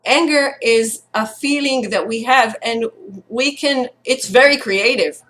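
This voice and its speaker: A woman's voice: fairly high pitch, unhurried, fairly bright tone, rough recording. Earnest woman telling a personal story. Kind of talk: personal storytelling in an online circle.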